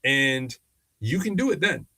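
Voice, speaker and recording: A man's voice: mid-range voice, measured pace, vocal fry, breathy edge. A man co-hosting a podcast, talking casually and animatedly with frequent restarts. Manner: animated storyteller, lots of restarts. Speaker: podcast co-host. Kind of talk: casual conversation.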